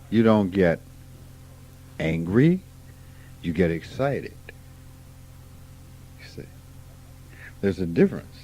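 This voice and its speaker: A man gives an informal spiritual talk. He is folksy and unhurried, and he asks questions and then answers them himself. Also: fairly low pitch, darkish tone. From Mississippi, USA. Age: 50s. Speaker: spiritual teacher. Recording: dull archival tape recording.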